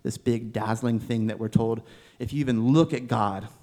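Male pastor with an easygoing, animated sermon delivery and a mid-range voice. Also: medium pitch, normal speed. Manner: conversational, animated, with filler words.

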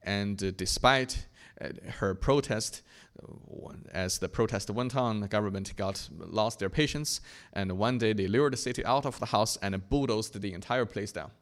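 A young man from China giving an earnest, reflective personal testimony, often pausing and restarting his sentences. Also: fairly low pitch. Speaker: speaker sharing his faith testimony.

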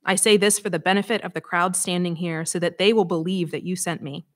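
A woman preacher reading scripture aloud and giving a sermon, conversational and expressive with dramatic emphasis. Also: on the low side, fairly quick.

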